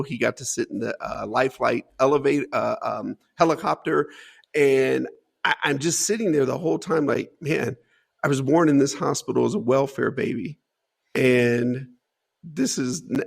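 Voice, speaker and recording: A man's voice: medium pitch, vocal fry. A man in his forties from Dayton, Ohio, a guest on an interview show, telling a story with energy, acting out what others said and laughing often. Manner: lively storyteller, acts out quotes, laughs often. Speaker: guest, company CEO.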